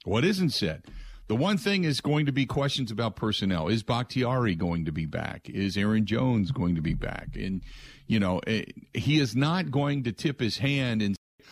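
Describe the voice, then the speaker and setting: A man hosting a sports talk radio show, talking in an animated, rhetorical way from a studio and mocking the answers he expects to hear. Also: lowish voice, normal speed.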